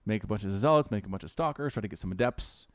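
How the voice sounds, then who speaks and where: Lively man casting a strategy game. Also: fairly low pitch, fast talker, dry recording, studio quality. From United States. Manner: animated, chatty, addresses viewers directly. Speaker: esports caster. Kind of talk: video game replay commentary.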